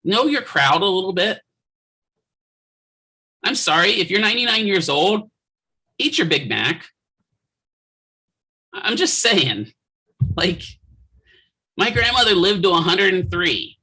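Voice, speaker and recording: A high-pitched, animated man speaks slowly with frequent pauses, his tone bright, forceful, and husky. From his office he teaches physical therapy students, sprinkling the lecture with jokes, anecdotes, and many rhetorical check-in questions. The audio is poor.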